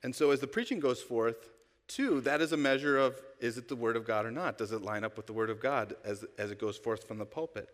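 A man's voice: medium pitch, fairly quick. A male pastor giving a conversational sermon, asking the congregation rhetorical questions. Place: church sanctuary. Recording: long church-hall reverb.

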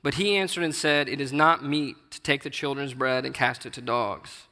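A man's voice: medium pitch, steady tone, moderate pace, sharp tone. A man giving an informal, earnest sermon, reading scripture aloud and explaining it in a conversational way. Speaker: lay preacher. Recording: long hall reverb.

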